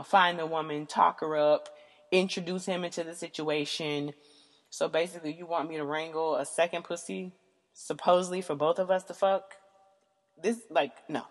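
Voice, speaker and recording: Frank, rambling woman with a lowish voice. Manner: rambling, frank and profane, lots of fillers. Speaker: podcast host. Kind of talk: casual candid monologue. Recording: long hall reverb.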